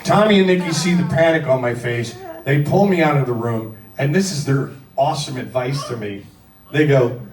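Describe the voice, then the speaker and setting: A man from Philadelphia, a rock singer, telling a casual anecdote in an animated, profane, self-deprecating way and acting out the quotes. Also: medium pitch, normal speed. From Philadelphia, USA. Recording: roomy echo, distant mic, faint music.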